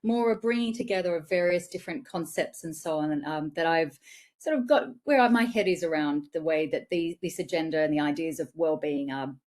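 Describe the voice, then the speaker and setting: A woman with an Australian accent speaks over a video call, presenting a seminar. Her voice sits a little low, and her delivery is friendly and self-deprecating, with restarts as she thinks aloud. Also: brisk, a little mellow.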